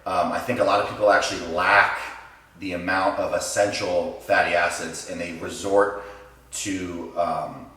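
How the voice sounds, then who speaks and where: A man speaking as a guest coach in a casual chat, measured and explanatory, recorded in a room with roomy echo, away from the mic. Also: deep voice, little pitch movement, bright, forceful tone, distant mic.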